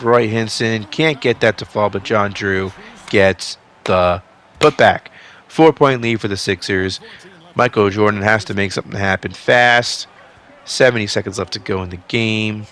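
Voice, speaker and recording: A young man giving excited play-by-play commentary on a simulated basketball season, jumping to near-shouts on big plays and dropping to low asides. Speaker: sports sim video commentator.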